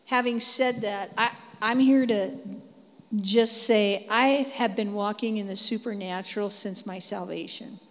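Animated woman preaching in a reverberant hall. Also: medium pitch, a little slow. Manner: animated storytelling, bursts of excitement, repeats phrases. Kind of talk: testimony sermon.

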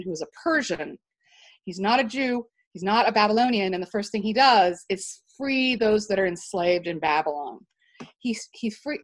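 A woman telling a personal story as an interview guest, animated and emphatic, with frequent restarts. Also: medium pitch. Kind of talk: storytelling in conversation.

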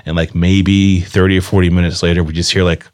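A young man from rural North Carolina, hosting a casual podcast chat and telling lively stories with frequent laughs. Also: sits low, brisk, clear, resonant tone. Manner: animated storyteller, laughs often, lots of "like". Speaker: podcast host.

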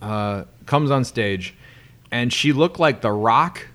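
A man's voice: medium pitch, animated, takes it slowly, a bit bright. A man hosting a podcast, telling a long story in casual chat, rambling and laughing often. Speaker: podcast host.

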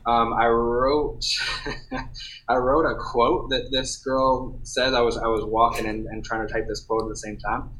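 A man chats on a podcast in an easygoing, meandering way, breaking off and restarting his sentences. His voice sits at an ordinary middle pitch. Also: level tone, measured pace, a bit bright, low-quality recording. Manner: rambling, self-interrupting storyteller. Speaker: podcast co-host. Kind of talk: casual chat.

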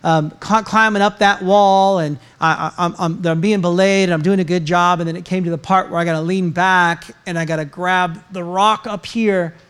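In a church sanctuary, a middle-aged pastor speaks at normal speed with few pauses, his high-pitched voice fairly even in intonation, a bit bright and clean. He handles announcements and a sermon with a personal story in a casual, joking, self-mocking way.

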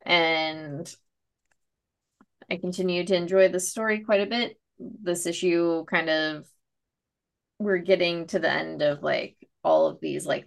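Relaxed gravelly-voiced woman reviewing comics. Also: low voice. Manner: relaxed, rambling, swears casually. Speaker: comic book podcast host. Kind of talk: casual chat reviewing comics.

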